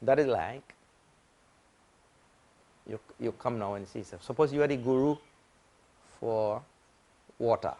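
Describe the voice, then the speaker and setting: A male swami teaches in a patient, repetitive way, building simple analogies step by step. He speaks at a mid pitch and swells louder whenever he stresses a key phrase. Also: creaky. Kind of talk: spiritual lecture.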